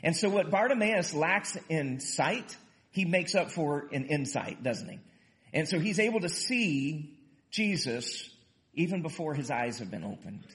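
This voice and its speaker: A man preaching a sermon in an animated way, casually explaining a Bible passage and acting out the quotes. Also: fairly high pitch, a little slow. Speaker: pastor.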